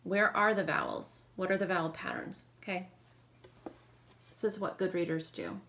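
A woman teacher leading a phonics lesson, calling out brisk drill prompts and giving quick praise. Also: fairly low pitch, very animated, fairly bright tone, a little hiss or hum.

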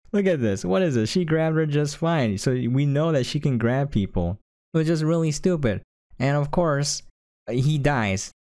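Sarcastic man ranting, smooth low voice. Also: darkish tone, dry recording, studio quality. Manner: sarcastic, exasperated. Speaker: anime reviewer. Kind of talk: casual commentary rant.

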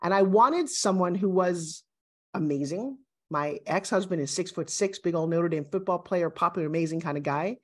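With a fairly low voice at a moderate pace, a woman in her sixties talks emphatically and confidently as a guest. She stays animated throughout the motivational interview.

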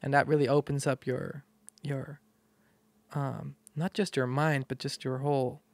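A man from the Netherlands with a Dutch accent, a guest talking casually and haltingly, often restarting his sentences. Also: medium pitch, little pitch movement, creaky, no echo. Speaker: guest musician. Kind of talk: casual conversation.

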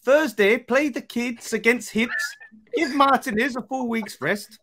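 A man's voice: extremely high pitch, a little slow, sharp tone, pitched above the performer's own voice, heavily acted. A man reading out a quote in a put-on, exaggerated Northern-Midlands English accent, playing a boastful football fan. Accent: muddled Northern-Midlands English impression. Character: mock-confident male football fan, boastful.

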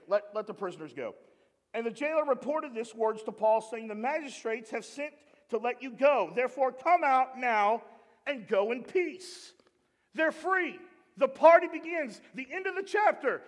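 High-voiced pastor preaching in a reverberant hall. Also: male voice. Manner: animated, swings from shouting to low asides. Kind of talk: sermon. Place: church sanctuary.

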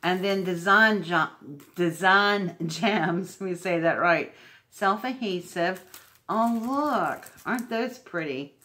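A woman's voice: fairly low pitch, slow, pushed and bright. A woman unboxing craft mail at home, gushing and emotional. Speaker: crafting vlogger. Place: home indoors.

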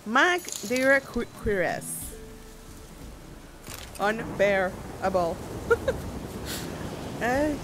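Woman streamer, lively sing-song voice, game music under her, squeals at monsters. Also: fairly high pitch, measured pace. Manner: chatty, giggly, reading chat aloud; bursts into squeals and shouts at enemies. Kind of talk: casual gameplay commentary. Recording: music playing behind.

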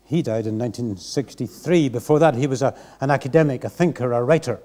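A man's voice: medium pitch, quick pace, dark tone. A man preaching a sermon in church, earnest and reflective. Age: 60s.

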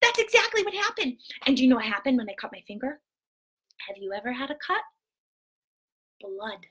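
A chatty little girl with very long hair tells her tale in a very high, bright, sparkling voice, as a woman puts her on. She is dramatic and giggly, squealing at the big moments and dropping to hushed whispers for secrets. It is a playful storybook kids' character. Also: expressive, brisk, husky, exaggerated voice. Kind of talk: children's storytelling live stream.

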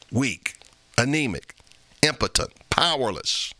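Forceful, bright-voiced male preacher. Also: medium pitch, animated, moderate pace, dry recording. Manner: emphatic preaching with sharp rises on repeated phrases; reads scripture aloud in old-fashioned wording. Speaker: pastor. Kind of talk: sermon.

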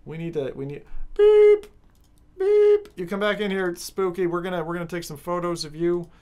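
A woman streaming a racing game, chatting casually with her viewers in an excitable, joking way, swearing often. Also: on the low side, fast talker. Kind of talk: casual live-stream chat while gaming.

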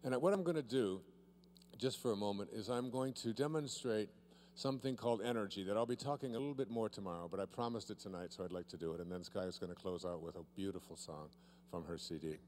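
In front of a live seminar audience, a man whose voice sits on the low side with a darkish tone teases a volunteer and lingers playfully on key words as he guides a demonstration. The volunteer holds a handheld microphone, and some faint background noise is present.

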